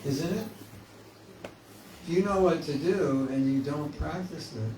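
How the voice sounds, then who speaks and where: A man's voice: on the high side, measured pace, darkish tone, distant mic. A man giving a spiritual class in a conversational, joking way, often acting out inner voices. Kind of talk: informal spiritual class talk. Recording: echoey room, mic from afar, faint hiss.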